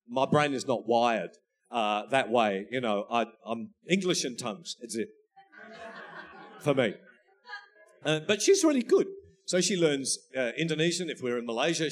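A male pastor preaching a sermon, telling family stories in an animated, laughing way. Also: fairly high pitch. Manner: storytelling, animated, laughing at his own anecdotes.

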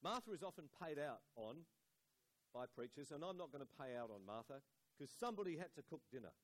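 A man preaching a sermon, dropping to a soft hush on key words and lifting his voice and slowing for emphasis. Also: on the high side, sing-song, poor audio. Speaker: pastor.

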